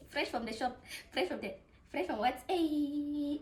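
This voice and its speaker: A woman hosting an unboxing vlog, talking in excitable, gushing exclamations. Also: sits high, normal speed. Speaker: vlogger.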